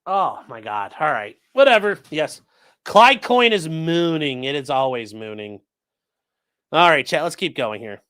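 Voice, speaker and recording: Man, live-stream legal commentary, reads chat, blunt and profane, lively swinging pitch, dry close sound. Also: measured pace, smooth, no echo. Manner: profane and blunt, swearing freely; breaks off to coax his dogs in a sing-song voice.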